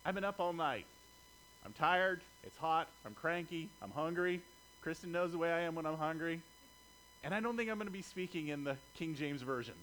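A man's voice: on the high side, moderate pace, fairly bright tone, a little hiss or hum, rough recording. A middle-aged male pastor preaching a sermon in a conversational way, often checking in with his listeners.

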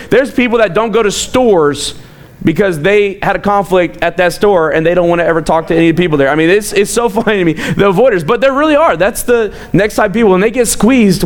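A young adult man preaching a casual sermon, telling stories and acting out the voices of people in them. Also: sits high. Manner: animated storytelling, acts out quoted voices, chuckles often. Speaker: pastor.

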